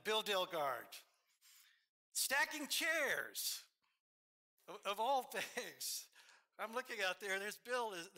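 Brief: man with an Alabama accent, eulogizing from a church, very bright, fairly high voice, anecdotal and halting. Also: clear, resonant tone. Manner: storytelling, warm asides, hesitant fillers. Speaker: officiant. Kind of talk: eulogy at a memorial service.

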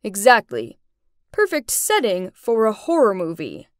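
A woman voicing a friendly, easygoing young male film director in an animated story, pitching her voice a little lower. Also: a little slow, no echo, clean studio sound.

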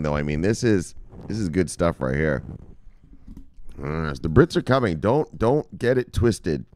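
Reading crypto headlines and riffing on them, a deep-voiced man keeps a moderate pace on his news show. He is animated and profane, dropping joking asides throughout, and there's no room sound.

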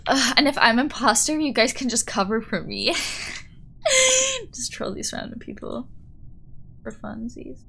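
A woman streamer with a bright, sharp tone chats away with her viewers while she plays. Her voice sits a little high, and she is excitable and giggly, breaking into squeals when startled. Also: creaky, husky. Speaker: live streamer. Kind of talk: casual gaming live-stream chat.

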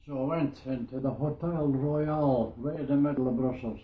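A man's voice: medium pitch, fairly even intonation, moderate pace. A Scottish man in his nineties recalling his wartime years in a rambling storytelling manner, often repeating "I says". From Scotland. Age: 90s. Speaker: war veteran interviewee. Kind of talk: oral history reminiscence. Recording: echoey, tinny phone-like sound.

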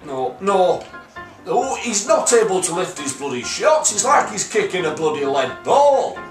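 Young man, gaming YouTuber, crude shouty commentary, faint music under an echoey room. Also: high voice, a little slow. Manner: crude, swearing, shouting in excitement. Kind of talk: excitable gameplay commentary. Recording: echoey, mic at a distance, music behind.

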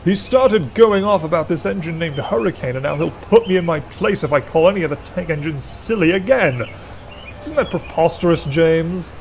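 A man's voice: fairly high pitch, lively intonation, moderate pace, a little hiss or hum, voice pushed up. A man voicing a pompous big male steam engine who turns stammering and flustered while trying to sound grandly polite. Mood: boastful.

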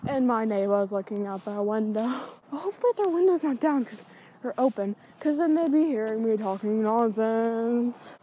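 Sitting on a backyard swing in the cold at night, a vlogger rambles to herself, scatterbrained and easily sidetracked, filming on a handheld iPod camera. Her voice is fairly high, expressive, and mellow at a normal speed, with slight background noise.

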